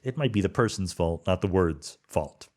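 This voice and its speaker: A man's voice: low voice, lively intonation, normal speed, a little mellow. A middle-aged man from suburban Philadelphia hosting a solo podcast, answering listener questions in a thoughtful, rambling way with fillers and self-corrections.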